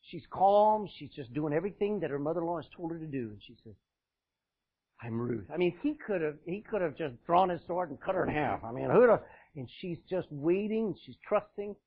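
Male pastor, high and lively voice, husky, dull lo-fi recording. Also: fairly quick. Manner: animated, swings from loud emphasis to hushed asides. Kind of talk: sermon. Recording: dull, lo-fi sound.

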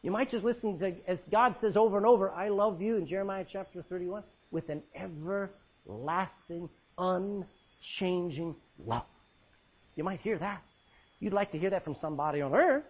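A male pastor preaching a sermon, swinging between loud cries and hushed words as he quotes scripture in old-fashioned style. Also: high-pitched, normal speed, breathy edge, lo-fi sound.

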